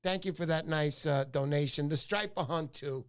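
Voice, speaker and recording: A man's voice: on the high side, normal speed. A middle-aged man hosting a casual fishing livestream, chatty and joking as he greets viewers by name. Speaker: fishing show host. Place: home livestream.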